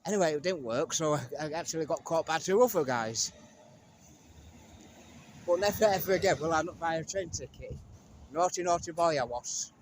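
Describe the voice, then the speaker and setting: A man's voice: on the high side, moderate pace, long pauses. A joking man with a slightly raised voice chats to the camera on a walking vlog. He is from England and is filming outdoors, with a faint hum of the street behind him. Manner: chatty, joking, talks to camera. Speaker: vlogger. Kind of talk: casual walking vlog narration.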